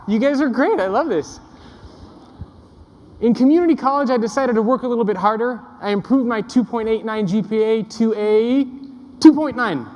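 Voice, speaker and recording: A man's voice: extremely high pitch, darkish tone. A young man giving a humorous keynote to a live audience, telling self-deprecating stories and joking with the crowd. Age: young adult. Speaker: keynote speaker. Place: large conference hall before a live audience. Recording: echoey conference hall, live.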